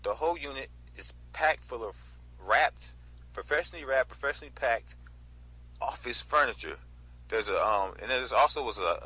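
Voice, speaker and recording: A man in his twenties from North Carolina casually recounting a storage auction in an animated way, often adding "right?" and "you know?". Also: mid-range voice, husky, rough recording. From North Carolina, USA. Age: 20s. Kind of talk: casual storytelling vlog.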